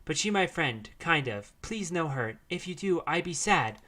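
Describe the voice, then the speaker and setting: A man voicing a gentle, wild young woman who speaks in broken, simple English. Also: on the high side, expressive, normal speed, voice pushed up.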